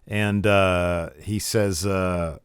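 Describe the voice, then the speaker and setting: A man co-hosting a podcast, recapping wrestling in casual chat and acting out quotes with lively raised voices. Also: deep voice, drawn-out words, smooth, dry recording, clean studio sound. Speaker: podcast co-host.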